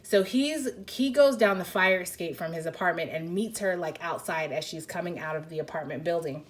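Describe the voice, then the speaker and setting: A woman with a somewhat low voice talks through a card reading in a loose, rambling way. She leans on "like" and often second-guesses herself as she goes. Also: moderate pace, a little hiss or hum. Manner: rambling, heavy use of "like", tentative. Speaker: tarot card reader. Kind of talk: casual intuitive card reading.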